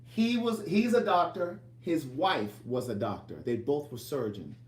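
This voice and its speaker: A man's voice: on the high side, expressive, measured pace, recorded from a distance. Rambling storyteller man in an echoey room. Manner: rambling, repeats and restarts phrases. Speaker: author and vlogger. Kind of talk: casual storytelling to camera.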